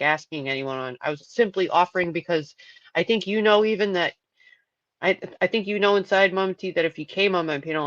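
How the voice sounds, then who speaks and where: A woman's voice: low-pitched, a bit bright, no room sound. A woman hosts a casual livestream, rambling on and restarting her sentences as she thinks aloud. The audio is dull and lo-fi, with a dry, close sound and no room around her voice. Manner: chatty, rambling, repeats words. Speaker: livestream host.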